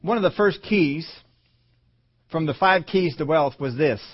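A man preaching with strong emphasis, now and then mimicking the voices of doubters. His voice sits a little high for a man. The recording is dull and lo-fi, like archived church audio. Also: animated, unhurried, husky. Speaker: pastor. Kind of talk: sermon.

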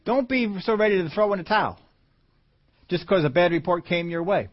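A pastor delivers a sermon in an animated, brisk way, with strong emphasis and the occasional impression of doubters. His voice is slightly high for a man, and the dull lo-fi sound resembles archived church audio.

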